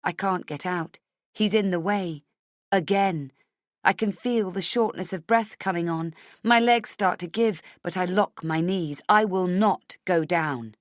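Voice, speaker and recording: Low-voiced woman narrating a thriller. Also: no room sound, clean studio sound. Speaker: audiobook narrator. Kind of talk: scripted first-person narration.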